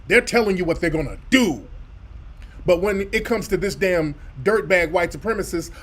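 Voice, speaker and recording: A man's voice: high voice, expressive, moderate pace, fairly bright tone. A man hosting a radio commentary show, reacting to clips in a blunt, profane, mocking way. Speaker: radio host. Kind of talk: commentary over played clips.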